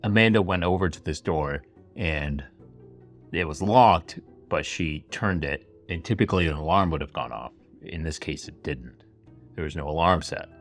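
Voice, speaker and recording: Man, low pitch, casual storyteller, lots of "like" and asides, podcast host. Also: moderate pace, soft background music. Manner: chatty retelling full of "like" and asides. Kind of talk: casual true-crime storytelling. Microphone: camera-facing setup.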